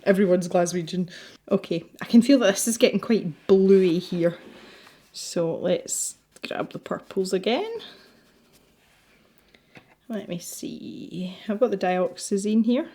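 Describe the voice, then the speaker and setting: A woman's voice: medium pitch, slow, pauses often, dark tone. A Scottish woman hosting a colouring video, chatting casually and rambling while she works, often laughing. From Scotland. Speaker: colouring channel host.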